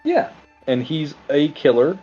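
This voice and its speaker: Man, podcast co-host, mid pitch, wry sarcastic riffing, slightly dull lo-fi sound, faint music. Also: huge pitch swings, unhurried, dark tone, slightly rough. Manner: wry, sarcastic, with over-the-top quoted voices. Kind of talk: casual podcast chat about a movie.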